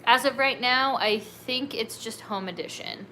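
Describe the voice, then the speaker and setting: Brief: bright, bubbly woman from California chatting to her livestream. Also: on the high side, measured pace, a little hiss or hum. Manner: bubbly, giggly, says "like" and "dude" a lot. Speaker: livestream host. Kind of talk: casual solo livestream chat.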